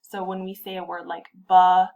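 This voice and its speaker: A woman who trains literacy tutors, explaining pronunciation clearly and patiently and slowly modeling words for stress. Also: fairly low pitch, level tone, mellow, rough recording. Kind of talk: instructional tutoring tip.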